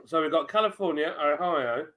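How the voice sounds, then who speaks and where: A man hosting a casual live-stream chat, talking in animated banter. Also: fairly high pitch, a little fast.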